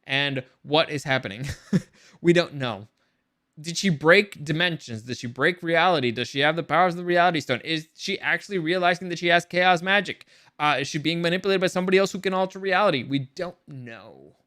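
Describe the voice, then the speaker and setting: Excitable man with a bright voice. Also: on the high side, a little fast. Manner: rambling, many restarts and repeated words; excited, speculative. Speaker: show reviewer. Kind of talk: casual review chat.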